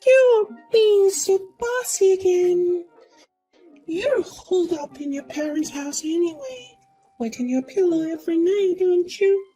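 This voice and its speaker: A woman's voice: very high voice, lively intonation, unhurried, mellow, low-quality recording. A woman voicing a smug, boastful young woman who taunts and mocks in a sing-song way. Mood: smug taunting. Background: faint music.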